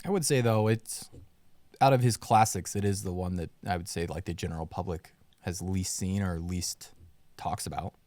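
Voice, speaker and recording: Male podcast host, blunt and profane, lowish voice, dry close mic. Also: moderate pace, a little mellow, no echo. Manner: blunt, profane, laughs easily. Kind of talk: casual movie chat.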